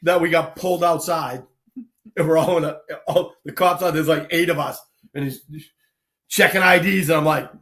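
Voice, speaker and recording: A man's voice: on the high side, normal speed. Man telling army stories. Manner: animated anecdotes, acts out quoted people, laughs often. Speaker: guest storyteller, army veteran. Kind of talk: casual storytelling on a live show.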